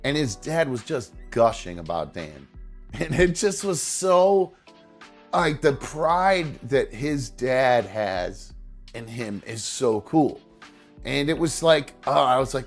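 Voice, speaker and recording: A man hosting a loose, casual podcast at an ordinary middle pitch, rambling through fillers and half-finished sentences. He mutters to himself while fumbling with his setup, and he is openly sentimental. Faint music plays behind him. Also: very animated, slow. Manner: rambling, many fillers and restarts, talks to himself while fiddling with pictures; sentimental, gets choked up. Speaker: podcast host. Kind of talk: casual chat.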